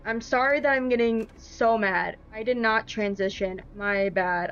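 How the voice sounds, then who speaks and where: A woman's voice: a little high, unhurried, hardly any pauses, a bit bright, slight background noise. A woman streaming from home, flustered and apologetic, filling her talk with ums while she fixes her setup. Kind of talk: casual live-stream talk.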